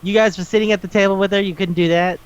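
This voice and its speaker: A man's voice: high voice, fairly even intonation, rapid-fire, smooth. A man co-hosting a casual podcast, ranting with exasperation and swearing as he talks through a manga. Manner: profane, exasperated ranting with acted-out quotes. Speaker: podcast co-host. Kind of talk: casual chat reviewing a manga. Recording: dull lo-fi audio.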